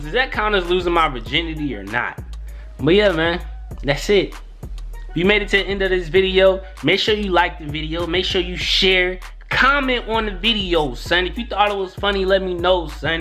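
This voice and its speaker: A man's voice: fairly high pitch, sharp tone. A young man casually telling a profane, slangy personal story on his channel. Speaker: YouTuber.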